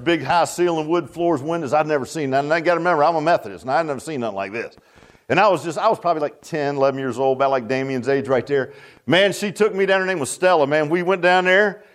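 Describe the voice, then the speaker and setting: A middle-aged man, preaching a sermon in a folksy storytelling way that swings between loud bursts and hushed asides. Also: on the high side. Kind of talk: sermon testimony.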